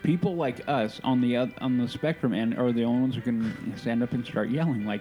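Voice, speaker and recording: Male co-host with a warm, dark voice, fervent and repetitive in argument, soft music underneath. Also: medium pitch, a little fast, few pauses. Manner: passionate, emphatic, repeats himself. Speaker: podcast co-host. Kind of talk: casual chat.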